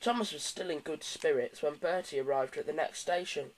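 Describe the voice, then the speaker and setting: A man narrating a children's storybook audiobook in a steady, gentle storytelling manner. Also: on the high side, a little fast, rough recording.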